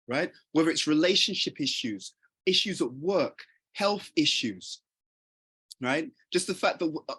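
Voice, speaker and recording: A man with a husky, slightly higher voice gives a motivational talk. He speaks earnestly and conversationally. He keeps turning to his listeners with questions. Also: a bit bright.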